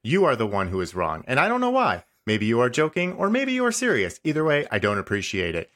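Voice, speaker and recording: A man reading the lines of a stubborn, passive-aggressive male AI chatbot in a comedy podcast, insisting he is right and tacking on a deadpan "smiley face". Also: medium pitch, a little fast. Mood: defensive. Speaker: podcast host. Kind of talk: comedic dramatic reading of a chat log.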